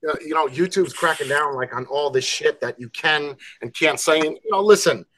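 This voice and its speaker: A man hosting a casual group video call, loud and swearing, breaking into laughing outbursts. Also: fairly high pitch, normal speed. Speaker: channel host.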